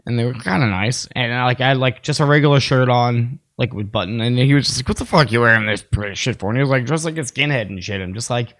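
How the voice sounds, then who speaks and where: A man's voice: medium pitch, fast, hardly any pauses. A young man from Staten Island with a New York accent, co-hosting a podcast. He rambles and swears in casual chat, ranting and mimicking others mockingly. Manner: rambling, profane, rants with mocking impressions. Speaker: podcast co-host.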